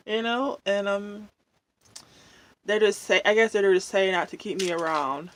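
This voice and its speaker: Eating at home and venting, this mukbang vlogger rambles on at length with plenty of fillers. Her voice is medium-pitched and a bit bright, with slight background noise.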